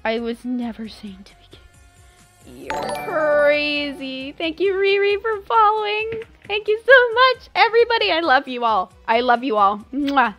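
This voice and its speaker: A woman's voice: high voice, unhurried, pushed and bright, faint music behind. A young woman streaming a game live, effusively and dramatically thanking her viewers with lots of exclamations.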